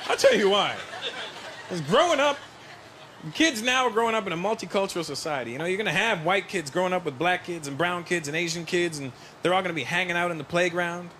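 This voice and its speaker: A man performing a stand-up comedy set, telling stories with lively delivery and putting on voices. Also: high-pitched, quick pace. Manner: animated storytelling, doing voices of parents and strangers. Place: large venue with a laughing audience. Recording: live show with loud crowd laughter and noise.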